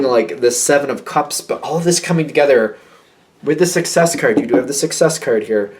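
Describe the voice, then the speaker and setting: A man's voice: mid-range voice, a little fast. Rambling male tarot reader. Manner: rambling, self-correcting, excitable. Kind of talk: casual tarot reading.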